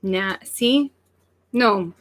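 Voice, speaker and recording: A woman's voice: mid-range voice, very slow. Australian woman co-hosting a livestream, teasing, laughs easily, holds her ground when she corrects people. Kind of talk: casual livestream chat.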